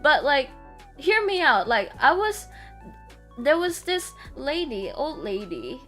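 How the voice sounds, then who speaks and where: A young woman with a high voice chats casually on her stream, telling a lively story and acting out what others said. She laughs often. Soft music plays faintly behind her. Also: slow pace. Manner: animated storyteller, acts out quotes loudly, laughs often. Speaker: VTuber streamer. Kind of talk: casual chat.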